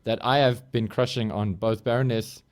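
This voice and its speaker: Eager South African podcast co-host. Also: male voice, on the low side, steady tone, moderate pace, clean tone. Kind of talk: casual chat.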